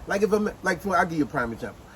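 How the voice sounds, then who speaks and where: A man hosting a casual book review chat, retelling scenes as an animated storyteller with street slang. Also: sits high, very fast, slight background noise, poor audio. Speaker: host.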